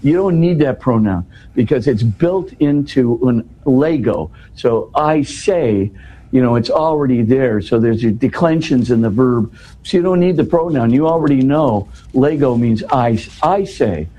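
A man's voice: medium pitch, expressive, measured pace, mellow, low-quality recording. A man explaining a scripture passage in a scholarly but casual way, with frequent restarts and "you know". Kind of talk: conversational explanation.

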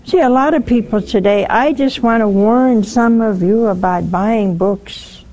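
A woman hosting a religious call-in show, teaching with lively storytelling and acted-out little dialogues. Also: on the high side, measured pace. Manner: animated storytelling, acts out dialogues. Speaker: host.

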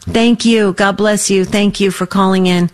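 A woman's voice: mid-range voice, fairly even intonation, unhurried. A woman hosting a faith-based call-in radio show, encouraging and affirming each caller.

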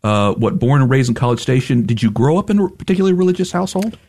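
A man hosting a radio interview in a studio, asking friendly, measured questions. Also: medium pitch, big pitch swings, darkish tone. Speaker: radio host.

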